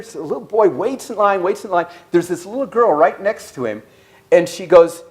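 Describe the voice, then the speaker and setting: A man giving an animated sermon-style talk at a church service, telling stories and questioning the audience. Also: sits high, brisk. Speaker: speaker.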